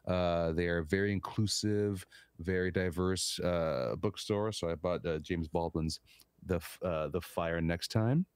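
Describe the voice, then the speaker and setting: A man's voice: low voice, fairly even intonation, unhurried, smooth, no echo. A man on a podcast, co-hosting and telling stories casually, often repeating words as he starts a thought. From California, United States. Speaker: podcast co-host. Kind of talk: casual chat.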